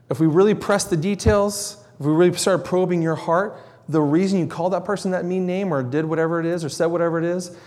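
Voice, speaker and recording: A man's voice: fairly high pitch, a little mellow. A man preaching a sermon, earnest and emphatic, repeating words to drive his points home. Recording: long reverb in a large hall.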